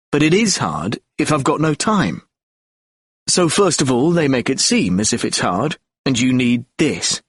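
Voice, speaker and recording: Husky male audiobook narrator. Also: mid-range voice, dry recording, studio quality. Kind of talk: audiobook reading of lecture transcripts.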